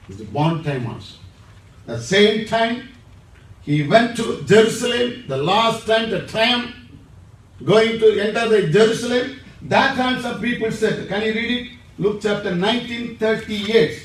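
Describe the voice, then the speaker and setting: Indian pastor guy preaching hard, says everything twice, boomy church echo, mic far off. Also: lively intonation, a little slow. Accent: Indian English. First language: Tamil. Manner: emphatic, repeats each phrase. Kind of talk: sermon.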